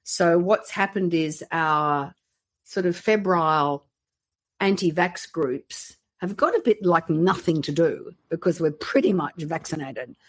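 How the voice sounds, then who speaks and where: Aussie woman podcast host, lowish voice, deadpan jokes, chatty. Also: measured pace. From Australia. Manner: dry joking, acts out voices in anecdotes. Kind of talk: casual chat.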